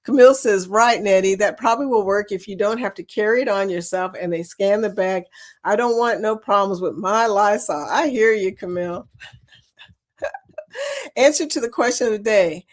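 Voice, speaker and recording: A woman's voice: mid-range voice, animated, normal speed. A woman hosting a casual livestream, reading viewer comments aloud in a chatty way and laughing often. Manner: chatty, laughs often, keeps saying y'all. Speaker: livestream host.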